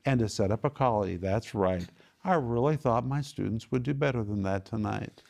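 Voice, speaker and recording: A man's voice: on the low side, moderate pace, gravelly, darkish tone. A man teaching the Bible to a small home group, emphatic and fond of repeating key phrases and quizzing his listeners. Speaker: Bible teacher and TV ministry host.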